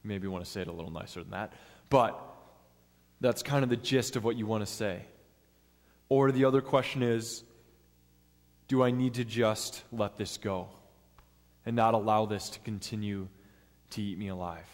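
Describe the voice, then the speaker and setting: A man's voice: lowish voice, normal speed, long pauses. A man preaching a sermon in an earnest, step-by-step teaching manner. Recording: long hall reverb.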